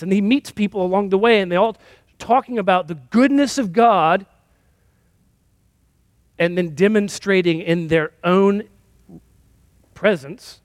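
A man's voice: high voice, dry recording. A male pastor giving a sermon in a conversational, self-deprecating storytelling manner.

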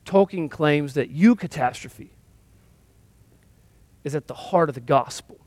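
A man's voice: a little high, unhurried, a little mellow, dry recording. A male pastor giving a sermon in a conversational, self-deprecating storytelling manner.

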